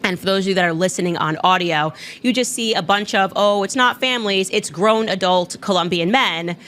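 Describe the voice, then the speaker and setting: A woman's voice: mid-range voice, brisk, a bit bright. Woman doing a commentary podcast, chatty and sarcastic, lots of likes. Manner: casual, sarcastic, many fillers. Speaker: podcast host. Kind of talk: political commentary.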